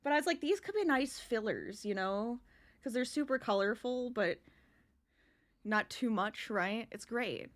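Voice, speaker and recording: A woman's voice: fairly high pitch, animated, measured pace. A young adult woman chatting casually with her live-stream viewers while she crochets, laughing often as she talks.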